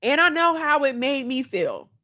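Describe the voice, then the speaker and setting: Earnest woman host, rather high voice. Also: very animated, normal speed, bright, forceful tone. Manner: candid, emotional, earnest. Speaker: podcast host. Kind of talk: personal talk to listeners.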